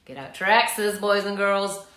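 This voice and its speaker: A woman's voice: mid-range voice, a little slow, slight background noise. A woman hosting a children's read-aloud, reading a storybook and coaxing listeners to join in the actions. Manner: lively, coaxes listeners to join in. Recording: roomy echo.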